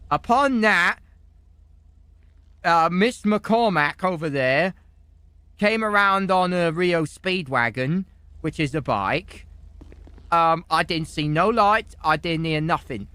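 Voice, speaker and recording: Bright-voiced, rambling man role-playing. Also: a little high, slow, long pauses, smooth, no echo. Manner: rambling, excitable testimony with shouted outbursts. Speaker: role-player as defendant in court. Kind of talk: in-character game role-play.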